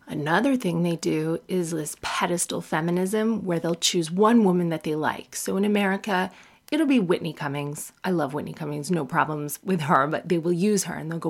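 Blunt, profane woman comedian, low voice. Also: normal speed. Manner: blunt and profane, mocking men in exaggerated voices. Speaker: stand-up comedian.

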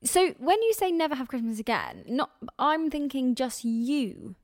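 A woman's voice: sits high, huge pitch swings, normal speed, darkish tone, no echo, studio quality. A young woman co-hosting a podcast, chatting casually, exclaiming and laughing often. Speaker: podcast co-host. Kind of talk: casual chat.

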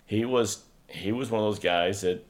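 A low-voiced man in an open, unfiltered conversation. He tells stories bluntly, swears often and voices his own reactions with bursts of emphasis. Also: normal speed. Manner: blunt, profane storyteller, quotes himself loudly. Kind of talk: casual frank chat.

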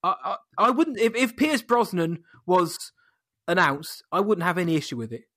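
A man co-hosting a casual chat in a measured, thoughtful way with dry humor. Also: high-pitched, sing-song, sharp tone, dry recording. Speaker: podcast co-host.

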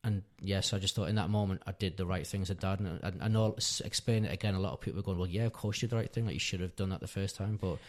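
A man of about thirty with a low voice talks very fast, barely pausing, as he tells a long personal story. He's a father and podcast guest, rambling in casual chat and earnestly correcting himself as he goes.

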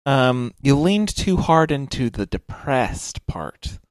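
A man's voice: medium pitch, big pitch swings, takes it slowly, dry recording. Man, 30s, podcast co-host, hugely swooping delivery, dry close sound. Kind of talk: casual chat.

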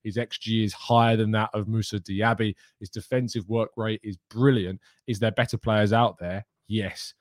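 A man hosting a daily live-streamed football show talks in a low voice, close to a dry mic. He is chatty and opinionated, and he answers viewer questions from the chat. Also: steady tone, moderate pace, few pauses, dry recording.

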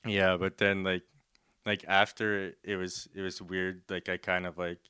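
A man's voice: deep voice, flat delivery, moderate pace, sharp tone, smooth. A young man telling a story in casual chat, rambling with lots of "like", laughing often and acting out the voices.

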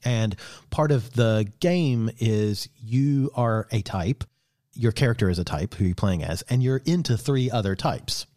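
A man co-hosting a podcast in casual chat, animated and joking, with frequent restarts. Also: fairly low pitch, measured pace, no echo, studio quality. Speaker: podcast co-host.

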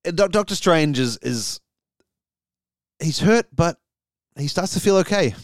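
A man's voice: fairly high pitch, animated, a little slow, no room sound, studio quality. A man co-hosting a comedy podcast, improvising a silly story with many ums and laughing at his own jokes.

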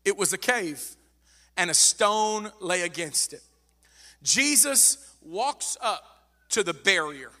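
A man's voice: high voice, expressive, slow pace, pushed and bright. A man preaching a sermon as pastor, fervent and repeating phrases for emphasis. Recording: long reverb of a large hall.

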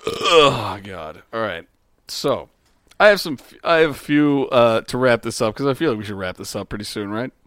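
A man's voice: medium pitch, expressive, normal speed, a bit bright, no room sound, studio quality. A young man co-hosting a casual podcast in a friend's house, rambling and swearing with frequent restarts while sharing one microphone. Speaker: podcast co-host. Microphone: shared microphone.

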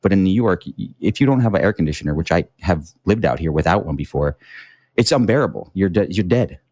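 Young guy, very low, dry close sound, easygoing and laughing, on a video call from home. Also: animated, fast talker, a little mellow, no echo. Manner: laid-back, says "dude" a lot, laughs often. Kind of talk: casual chat. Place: apartment in New York City.

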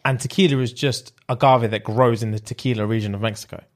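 A man's voice: medium pitch, steady tone, quick pace. A young man, co-hosting a podcast in casual chat and telling a story loosely with slang and fillers. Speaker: podcast co-host.

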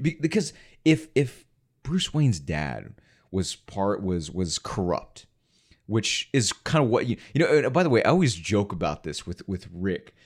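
A man in casual film talk, hesitant with many fillers and restarts, blunt and profane. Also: lowish voice.

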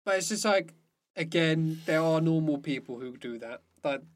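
A man's voice: fairly high pitch, expressive, moderate pace. A man casually retelling a cartoon episode, swearing now and then. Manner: retells plots, swears casually, laughs often. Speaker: podcast co-host. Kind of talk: casual chat reviewing cartoons.

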